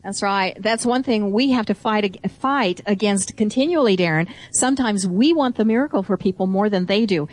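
A woman's voice: medium pitch, normal speed, hardly any pauses, darkish tone. A middle-aged woman co-hosting a Bible teaching program, reading and explaining scripture with enthusiasm. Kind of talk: conversational preaching.

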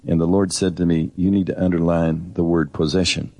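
A man's voice: sits low, flat delivery, a little fast, dark tone. A middle-aged man co-hosting a Bible teaching program, preaching earnestly and directly in a conversational way.

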